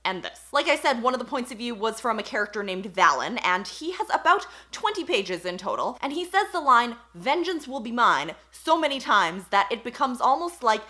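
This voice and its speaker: Brief: young woman book reviewer, bright tone, slightly high voice, blunt and sarcastic. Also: sing-song, a little fast, hardly any pauses. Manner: frank, sarcastic, reads quotes aloud.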